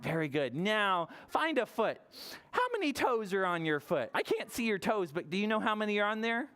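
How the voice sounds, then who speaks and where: A woman librarian leading toddler story time, cheerful and encouraging, speaking slowly and plainly to small children in a library story room. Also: medium pitch, big pitch swings, fairly bright tone.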